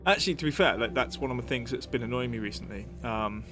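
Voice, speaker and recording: A man's voice: mid-range voice, fast talker, fairly bright tone, faint music behind. Rambling man streaming a game. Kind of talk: casual live-stream chat.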